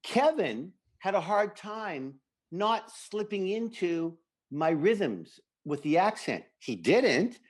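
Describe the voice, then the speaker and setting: A man's voice: high voice, very animated, slow pace. A man co-hosting a casual podcast chat, enthusiastic and acting out quoted lines of dialogue. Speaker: podcast co-host.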